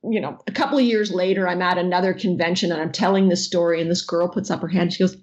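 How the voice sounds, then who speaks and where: A woman, a voice actress, telling stories in an interview with lots of energy, often jumping into high squealing voices to act out fans. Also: steady tone, quick pace, few pauses, darkish tone, lo-fi sound. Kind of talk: animated storytelling in an interview.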